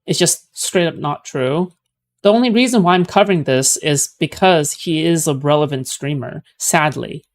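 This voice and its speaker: A man's voice: on the high side, moderate pace. A man streaming, giving casual commentary on a clip in a rambling, sarcastic way with lots of filler words. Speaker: streamer reacting to clips.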